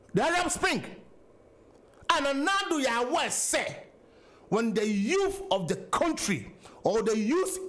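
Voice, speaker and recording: A Ghanaian-accented man hosts a political talk radio show in a very high-pitched, slightly bright voice. He speaks with passion and repetition, switching between English and Twi.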